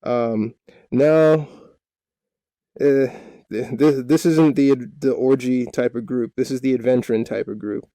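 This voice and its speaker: A male dungeon master recaps the party's downtime in a loose, rambling way, cracking jokes as he goes. His voice is mellow and mid-pitched, and the recording is dry. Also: steady tone, unhurried, dry recording. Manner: rambling, joking, full of fillers. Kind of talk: casual storytelling recap.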